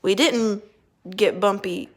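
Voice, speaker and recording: Woman, speech therapist, patient, slow modeled phrasing, gentle praise, mid-pitched voice. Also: steady tone. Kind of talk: speech therapy lesson with a child.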